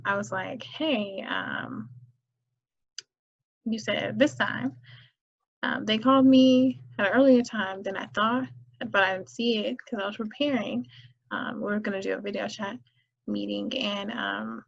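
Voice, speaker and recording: A woman's voice: medium pitch, steady tone, normal speed, creaky. A woman hosting a casual solo podcast, chatty and telling stories with many fillers. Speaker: podcast host. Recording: dull lo-fi recording.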